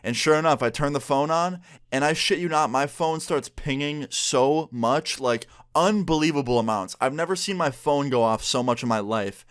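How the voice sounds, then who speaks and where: A young man vlogging, chatty and animated as he retells a story time with plenty of fillers. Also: a little high, moderate pace, clear, resonant tone, dry recording, clean studio sound.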